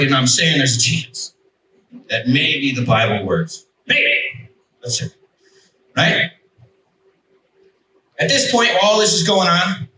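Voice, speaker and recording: A bright-voiced man tells his testimony to a crowd in a lively, joking way and keeps checking in with his listeners. His voice sits a little high for a man. The room is echoey and he sounds some distance from the mic, with a faint hum behind him. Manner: animated storyteller, jokey asides, emphatic rhetorical "right?". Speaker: veteran giving a testimony. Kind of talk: personal testimony to an audience.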